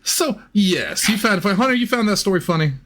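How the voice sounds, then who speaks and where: A man co-hosting a casual comedy film podcast, telling stories in an animated way and swearing freely. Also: high-pitched, quick pace, background noise. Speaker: podcast co-host.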